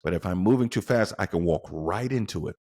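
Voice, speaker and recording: A man with a lowish voice talks through a motivational podcast episode, his pitch swinging widely as he leans on key words. He keeps putting questions straight to the listener. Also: animated, brisk, a little mellow. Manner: emphatic, with rhetorical questions to the listener. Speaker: podcast host.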